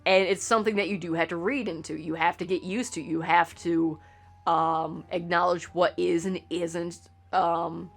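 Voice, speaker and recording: A woman's voice: on the low side, fairly even intonation, normal speed, gravelly. A woman hosting a let's play, congested and talking in a rambling, opinionated way, swearing now and then during casual gaming commentary.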